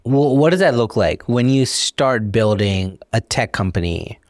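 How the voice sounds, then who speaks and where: A man hosting a podcast, asking plain, measured questions. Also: on the low side, expressive, dry recording, clean studio sound. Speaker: podcast host. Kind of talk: interview questions.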